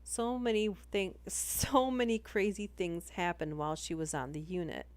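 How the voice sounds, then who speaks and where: A woman's voice: lowish voice, fairly even intonation, normal speed. A woman reading ghost stories aloud on a livestream in a casual, chatty way, breaking off into giggles between passages.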